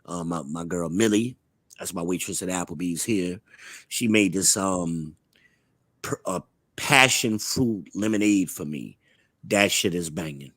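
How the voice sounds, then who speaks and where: Sitting low and moving at a measured pace, the voice has a fairly bright tone and a dry recording. It belongs to a Charlotte man from the United States who hosts a live online talk show, chatting casually in a blunt, profane, swaggering, opinionated manner.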